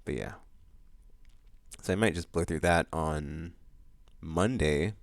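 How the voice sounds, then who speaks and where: A man with a low, deep voice rambles through his monthly vlog. He is casual and full of fillers, breaks into excited bursts, and is recorded dry and close. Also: slow, vocal fry, dry recording. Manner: loose, rambling, many fillers and restarts; excitable outbursts about upcoming games. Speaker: vlog host.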